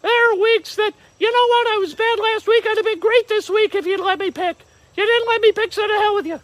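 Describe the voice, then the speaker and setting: A man doing a grumpy squeaky talking orb. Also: brisk, fairly bright tone, no room sound. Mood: salty. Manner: salty, defensive, cursing.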